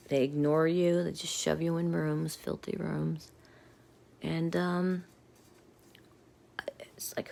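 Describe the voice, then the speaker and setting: A woman's voice: sits low, creaky, darkish tone. A middle-aged woman venting angrily to her viewers in a rambling rant, often dropping to a muttered whisper. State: angry. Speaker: vlogger. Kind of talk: angry personal rant to viewers.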